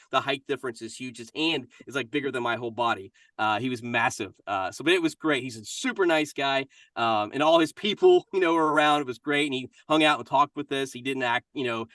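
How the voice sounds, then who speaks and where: Bright-voiced Kentucky man, mid-forties. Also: mid-range voice, no room sound, distant mic. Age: 40s. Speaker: guest voice actor. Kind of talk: casual interview chat.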